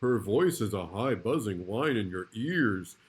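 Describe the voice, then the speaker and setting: A man's voice: fairly low pitch, lively intonation, measured pace. A man voicing a frightened young monster boy in a storybook, warning dramatically. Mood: fearful. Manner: fearful warning.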